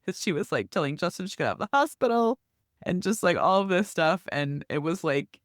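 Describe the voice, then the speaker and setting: A middle-aged woman co-hosting a podcast, telling a long story in a lively, chatty way. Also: on the low side, brisk, no echo, studio quality. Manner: lively storytelling, acts out quoted neighbors. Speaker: podcast co-host. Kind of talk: casual chat.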